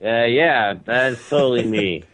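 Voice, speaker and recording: A man's voice: mid-range voice, a little slow, fairly bright tone, rough recording. A man co-hosting a casual podcast, answering with dry teasing while he is still getting over an illness. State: recovering from illness. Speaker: podcast co-host. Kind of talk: casual chat.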